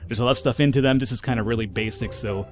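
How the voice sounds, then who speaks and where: A man's voice: mid-range voice, very fast, soft background music. Sarcastic rambling gaming commentator man. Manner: sarcastic, rambling, swears freely. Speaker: gameplay commentator. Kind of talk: casual let's-play commentary.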